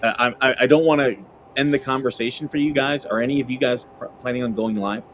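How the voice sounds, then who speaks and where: A man chatting on a livestream, hesitant and apologetic with halting restarts. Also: medium pitch, fairly even intonation, a bit bright, poor audio. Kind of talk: casual chat on a livestream call. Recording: livestream call audio with faint noise.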